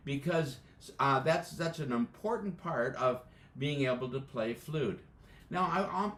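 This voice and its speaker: An American man teaching beginning band embouchure over a live video call, explaining step by step with plenty of "uh"s. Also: a little high. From United States. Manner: methodical, explaining step by step with frequent fillers. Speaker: band music educator. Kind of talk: instructional demonstration. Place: indoors, joining live by video. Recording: echoey room.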